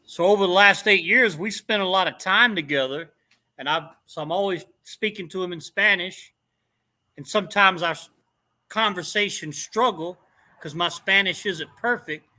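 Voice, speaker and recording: A middle-aged man telling stories in a casual chat, animated and laughing as he acts out what people said. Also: high-pitched, normal speed.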